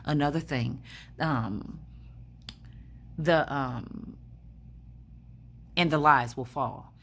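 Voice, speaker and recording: A woman's voice: very deep voice, extremely slow, fairly bright tone, a little hiss or hum. A woman in a hospital room telling a rambling story in a blunt, profane way, full of fillers. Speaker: spiritual vlogger. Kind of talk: casual storytelling monologue.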